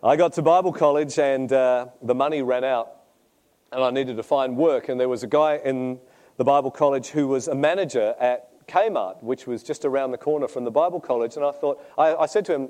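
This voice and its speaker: A man's voice: mid-range voice, a little fast, mellow. A middle-aged man with an Australian accent, a pastor preaching a sermon and telling his own story in a conversational, self-deprecating way. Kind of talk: sermon with personal testimony.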